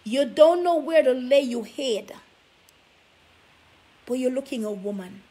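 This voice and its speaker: A woman's voice: sits high, animated, a little slow, mellow, slightly rough. A woman vlogger giving relationship advice, scolding her listeners with sassy rhetorical questions. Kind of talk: preachy talk to camera.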